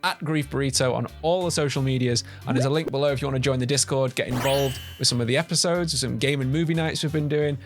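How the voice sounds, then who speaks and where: A man's voice: medium pitch, quick pace, hardly any pauses, faint music behind. A man co-hosting a podcast, chatting casually with a playful, laughing manner. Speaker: podcast co-host. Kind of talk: casual comedic chat.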